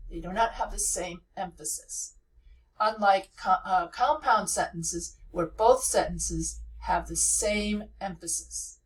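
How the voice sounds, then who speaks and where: A woman teacher walks through a writing lesson at a middle pitch, patient and methodical, restating each rule with small pauses. She sits a little back from the microphone, so her voice sounds slightly distant. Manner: patient, repeats key points, frequent uh fillers. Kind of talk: explanatory lesson.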